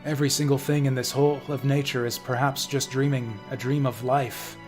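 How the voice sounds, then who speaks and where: A man streaming a game, reading its lines aloud with some drama before slipping into casual, swearing commentary. His voice sits at an ordinary middle pitch. Soft game music plays underneath. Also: flat delivery, brisk. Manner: dramatic reading, drifting into casual, profane asides. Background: faint game music.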